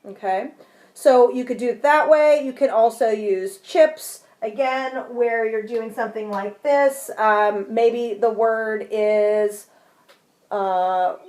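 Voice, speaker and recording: A woman explaining a lesson clearly and patiently, giving spoken examples. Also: fairly high pitch, darkish tone. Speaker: teacher. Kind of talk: instructional video lesson.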